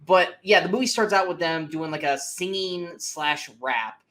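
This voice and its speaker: A man's voice: fairly high pitch, moderate pace. A man co-hosting a casual movie review podcast, ranting animatedly and swearing freely as he picks a film apart. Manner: animated, profane ranting with mocking asides. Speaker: podcast co-host.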